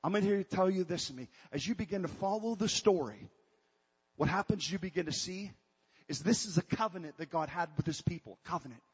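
Husky high-voiced male preacher. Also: lively intonation, brisk. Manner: call-and-response preaching that builds to shouting. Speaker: pastor. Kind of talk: sermon. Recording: reverberant hall, dull lo-fi sound.

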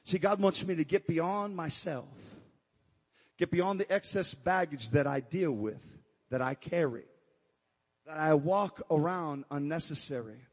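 A pastor speaks at a measured pace in a slightly rough, somewhat high voice, giving a fervent sermon at a live church service. Between calls of "come on, amen" he is at times out of breath, with praise team music behind and a long reverb tail.

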